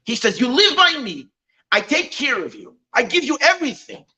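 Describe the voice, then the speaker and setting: Brief: fuming, simple middle-aged businessman, blustering and accusing, high and lively, as a rabbi puts him on. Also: fast talker, full character voice, rough recording. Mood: furious. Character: indignant, hot-tempered, simple middle-aged male businessman.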